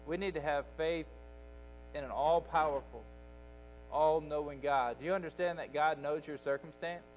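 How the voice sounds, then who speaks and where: A man preaches a Sunday school lesson, building each point through emphatic repetition. His voice sits a little high for a man, and faint music hums underneath. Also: steady tone, normal speed, poor audio. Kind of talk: sermon. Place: church sanctuary.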